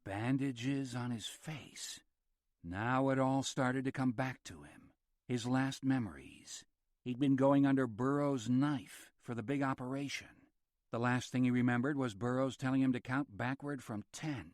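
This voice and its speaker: A man reads a horror audiobook at a measured, steady pace with a mid-range voice. The recording is dry and close-miked, with no room around it. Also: mid-range voice, no echo. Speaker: audiobook narrator. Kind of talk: scripted narration.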